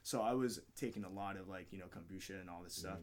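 A man's voice: sits low, quick pace, a little mellow. A man, a fighter being interviewed on a podcast, telling a long personal story in a candid, rambling way, swearing often and acting out what people said. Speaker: podcast guest, MMA fighter.

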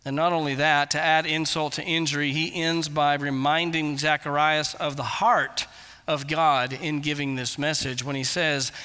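A man's voice: fairly high pitch, flat delivery, normal speed, pushed and bright, smooth, big-room sound. A male pastor preaching a sermon, earnest and explanatory, with emphatic repetitions.

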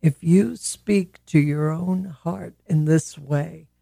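A woman speaking slowly and gently on a podcast, sharing a simple self-love practice with long pauses. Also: deep voice, creaky, dry recording, studio quality. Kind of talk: reflective spiritual podcast talk.

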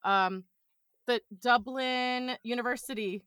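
A woman's voice: a little high, slow, a crowd in the background. A woman chatting as a podcast guest, telling playful stories in a casual way. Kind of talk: casual chat.

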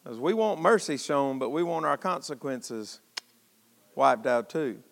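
A man's voice: medium pitch, animated, unhurried, vocal fry, long reverb tail. A man preaching an impassioned, folksy sermon to his congregation, calling out to them as he goes. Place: church sanctuary.

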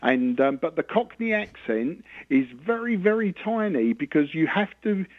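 A man's voice: sits high, very animated, normal speed, dry recording. A man with a South London accent calling in to a radio show, chatting and explaining things at length. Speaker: phone-in caller from England. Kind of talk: casual chat. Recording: tinny phone line.

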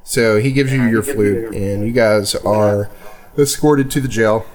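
A man runs a tabletop role-playing session, narrating scenes in a somewhat low, easygoing voice. He pauses often and fills the gaps with ums and uhs as he works the story out. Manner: relaxed, halting with many fillers. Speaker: game master.

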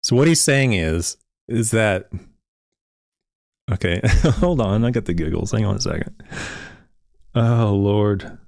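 A man's voice: fairly low pitch, animated, slow, creaky, pauses often, darkish tone, no echo, clean studio sound. A man hosting a podcast, reading a research paper aloud and critiquing it with insistent emphasis and bursts of giggling. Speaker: podcast host reviewing turf research.

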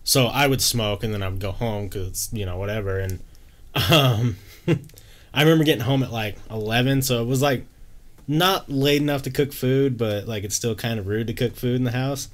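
A young man co-hosts a casual podcast, talking loosely with plenty of fillers. He slips into quoted voices when he tells a story, and his voice sits at an ordinary middle pitch. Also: normal speed. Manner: relaxed, filler-heavy, acts out quoted voices.

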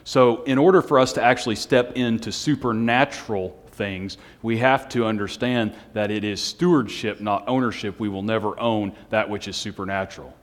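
A man preaching a Sunday night sermon, speaking in a self-described monotone with joking asides to the congregation. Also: on the low side, moderate pace, few pauses. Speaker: pastor. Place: church hall on a Sunday night. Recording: long hall reverb.

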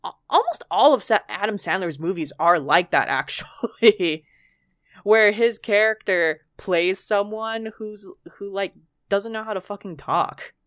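A woman's voice: mid-range voice, animated, measured pace, fairly bright tone, no room sound, clean studio sound. A woman chatting casually on a podcast, blunt and swearing often, with plenty of fillers.

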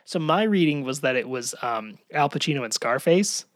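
A man's voice: mid-range voice, lively intonation, normal speed, slight background noise. Wry man recapping a sitcom. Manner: analytical, wry, hedging. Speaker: podcast co-host. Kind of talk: casual episode recap chat.

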